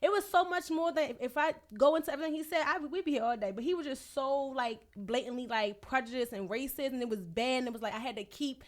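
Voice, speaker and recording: Fast-talking blunt profane woman. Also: high-pitched. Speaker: podcast co-host. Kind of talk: casual podcast chat.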